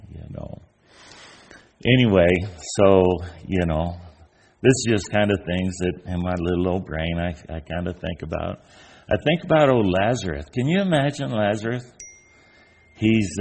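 A low-pitched, darkish voice belongs to an older man preaching an informal, folksy sermon, with a little hiss or hum in the audio. He tells stories as he goes and acts out the voices of the characters.

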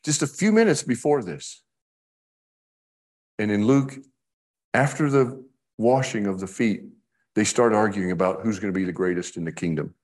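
A man's voice: lowish voice, expressive, moderate pace, pauses often, a little mellow. A man preaching a sermon in a conversational way, acting out the scripture he quotes.

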